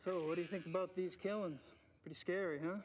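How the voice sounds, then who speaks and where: Game lead: male actor as a curious investigator, high voice, casual probing questions. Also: steady tone, fast, slight background noise, natural voice. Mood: inquisitive. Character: curious young man investigating at a zoo. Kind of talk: video game dialogue.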